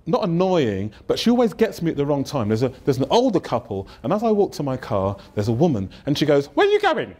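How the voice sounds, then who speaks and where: A man's voice: a little high, sing-song, fairly quick, hardly any pauses, dark tone. A man with an English accent, a pastor preaching a humorous storytelling sermon in a church. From England. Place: church sanctuary.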